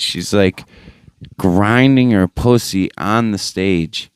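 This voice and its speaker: A young man rants his way through a solo podcast, swearing constantly and stacking up fillers. His low voice comes across smooth and resonant. The phone mic gives it a dry, close sound with no room in it. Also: a little slow, no echo. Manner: profane, rambling, lots of fillers; mocking high-pitched impressions of others. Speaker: podcast host. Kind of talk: casual solo podcast rant.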